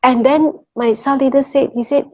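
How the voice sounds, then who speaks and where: A woman's voice: high-pitched, fairly even intonation, moderate pace, a little mellow. A middle-aged woman telling a personal faith testimony in an earnest way, often checking in with her listeners. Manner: earnest, checks in with listeners, many repeated "okay" and "you know". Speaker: testimony speaker. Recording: muffled lo-fi recording.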